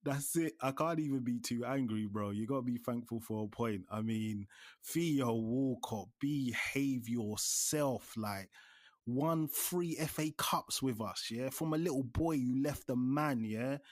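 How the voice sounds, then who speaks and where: A man, a guest on a football fan podcast, talking in an animated, exasperated way. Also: mid-range voice, a little slow, no echo. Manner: animated, exasperated, says bruv a lot. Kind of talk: heated fan podcast rant.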